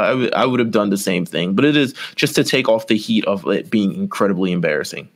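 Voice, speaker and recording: A man's voice: lowish voice, quick pace, few pauses. A man co-hosting a wrestling podcast in casual chat, rambling and filling with "like" and "you know". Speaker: podcast co-host.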